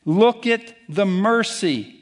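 A man preaching a sermon as pastor, emphatic and deliberate, challenging his listeners directly. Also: high-pitched, lively intonation.

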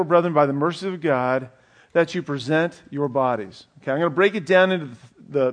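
A man preaching a conversational Bible teaching, checking in with his listeners with a frequent "okay?". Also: fairly high pitch. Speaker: pastor. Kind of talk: sermon.

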